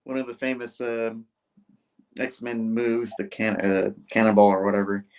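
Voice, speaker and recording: A man's voice: fairly low pitch, monotone, measured pace, darkish tone. A man hosting a comic book review show. He recaps an issue in a rambling, casual way, full of filler words. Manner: rambling, with filler words and mock character voices.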